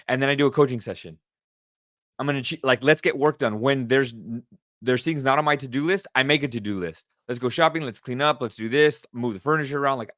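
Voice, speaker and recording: A man's voice: medium pitch, no echo, studio quality. Middle aged guy doing his podcast solo, pumped up, keeps repeating himself, mid voice. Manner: energetic, excited, repeats himself. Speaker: podcast host. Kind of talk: casual solo podcast talk.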